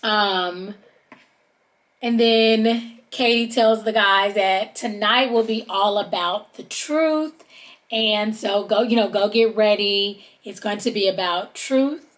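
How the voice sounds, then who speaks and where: A woman's voice: slow pace, fairly bright tone. Woman, podcast host, casual gossipy recap, mid-range voice. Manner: chatty, drawls "honey" and "child", mimics people in high voices.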